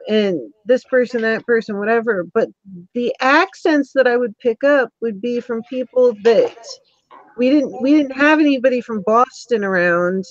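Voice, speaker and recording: A woman hosts a relaxed interview over a video call, talking in a chatty, rambling way full of little ums. She is just over an illness and clears her throat now and then. Her voice sits a bit high and sounds dry and muffled. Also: no echo. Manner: chatty, warm-toned with filler ums. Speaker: interview host. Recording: dull lo-fi call audio.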